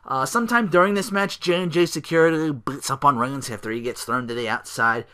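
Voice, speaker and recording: Man, solo podcast host, casual recap, rambling with fillers, swears a lot, bright voice. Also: on the high side, brisk. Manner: rambling, profane, lots of fillers.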